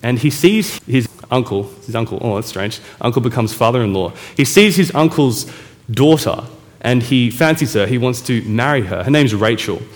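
A man's voice: medium pitch, expressive, moderate pace. A man preaching a casual sermon, retelling a Bible story in a chatty way and correcting himself as he goes. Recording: echoey hall reverb.

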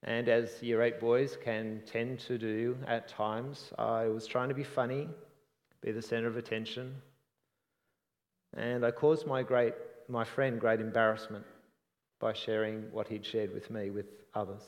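A man preaching a sermon in an earnest, reflective way, often trailing off softly at the ends of phrases. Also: medium pitch, flat delivery, a little slow, big-room sound.

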